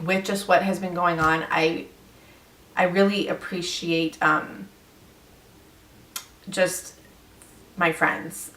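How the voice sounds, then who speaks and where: A woman's voice: on the low side, fairly bright tone, recorded from a distance. A woman vlogger in a casual, earnest chat to her viewers, rambling with lots of um and like. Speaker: beauty vlogger. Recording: echoey room, a bit off mic.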